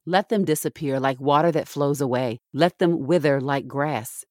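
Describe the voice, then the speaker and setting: A woman reading Bible passages aloud in a measured, steady way, pausing between verses. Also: deep voice, dry recording, studio quality. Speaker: scripture reader.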